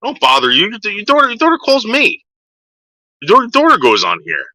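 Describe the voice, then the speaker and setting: On a livestream, a man rants with heavy swearing, repeating himself as he gets more and more worked up. His voice is high-pitched and swings wildly in pitch, fairly quick, pushed and bright. The audio is poor and dry, with no room sound.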